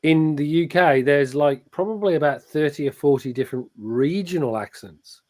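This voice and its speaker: English guy hosting a chat, bit aussie now, kinda high voice, keeps restarting. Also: moderate pace, darkish tone. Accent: English, with some Australian. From England. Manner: rambling, with frequent restarts. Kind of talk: casual chat.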